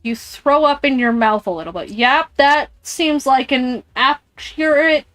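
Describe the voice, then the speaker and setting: A woman with a high voice streams a game, reading the on-screen text aloud and reacting nervously to it. She talks at an unhurried pace, and her voice sounds dry and close. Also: fairly bright tone, no echo, faint music behind. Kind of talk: live-streamed game playthrough. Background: headphones on, alone in a room.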